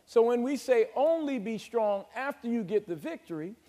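A male pastor preaching a sermon in a church, calling on the congregation to answer back and slowly drawing out scripture verses. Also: very high voice, expressive, dark tone. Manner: emphatic call-and-response preaching, drawn-out scripture reading. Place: church sanctuary. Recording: long hall reverb of a church.

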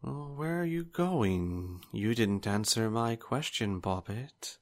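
A man voicing a menacing older male swordsman who talks in a slow, soft, condescending drawl. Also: on the low side, lively intonation. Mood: mocking.

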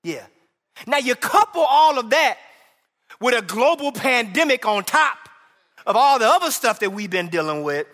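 A man preaching a sermon in a church, impassioned and conversational, sometimes rising to shouts. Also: very high-pitched, sing-song, unhurried. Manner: impassioned, rising to shouts when voicing cries to God. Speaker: pastor. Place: large church hall. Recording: echoey hall reverb.

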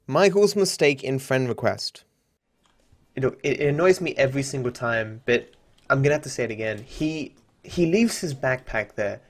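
A man's voice: mid-range voice, lively intonation, normal speed, a little hiss or hum. A man rambling casually as a streamer, swearing freely and often restarting his sentences. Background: faint chill hop music.

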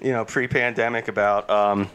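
A man co-hosting a casual podcast, joking around and quick to laugh. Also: on the low side, fairly even intonation, a bit bright, smooth. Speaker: podcast co-host. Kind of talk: casual chat.

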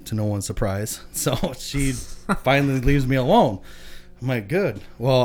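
A young adult man from Michigan casually telling a long, profane story, often laughing as he talks. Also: medium pitch. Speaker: podcast guest.

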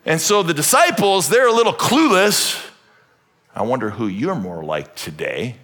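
A man preaching a sermon to a congregation, jokey and animated, swinging from loud emphatic bursts to soft asides. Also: on the high side, moderate pace. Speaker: pastor. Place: church hall with congregation.

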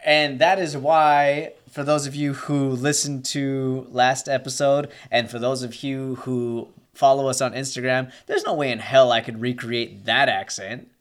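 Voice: medium pitch, fairly even intonation, a little slow, hardly any pauses. A podcast co-host in casual chat, enthusiastic and fan-like about actors, with some swearing.

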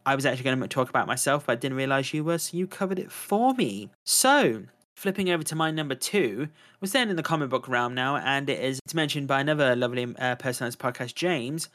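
A man's voice: mid-range voice, animated, fast, few pauses, fairly bright tone. Enthusiastic rambling man chatting. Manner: enthusiastic, rambling, self-correcting. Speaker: podcast co-host. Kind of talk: casual chat about video games.

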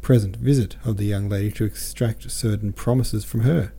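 A man's voice: fairly even intonation, moderate pace, creaky, warm tone, slightly rough. A man reading as a cold, sing-song businessman suitor. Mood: cold formal. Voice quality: high sing-song delivery. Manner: formal and cold. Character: stiff, pompous middle-aged businessman suitor.

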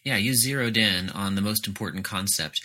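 A man's voice: lowish voice, normal speed, sharp tone. A man, an author and editor, giving earnest and articulate answers in a podcast interview, explaining his points in careful detail.

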